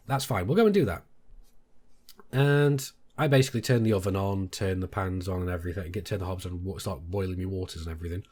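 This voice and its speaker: A British man, a gaming YouTuber, telling a story to his viewers in a casual, animated way. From Britain. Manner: animated, jumps much higher when quoting others.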